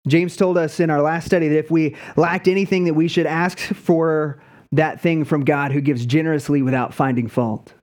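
Pastor, male, light higher voice, chatty humorous sermon storyteller. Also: fairly even intonation, moderate pace, darkish tone.

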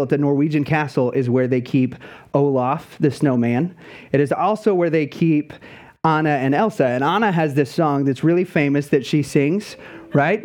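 Higher-voiced man preaching a sermon. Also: darkish tone. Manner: conversational, humorous storytelling. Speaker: pastor.

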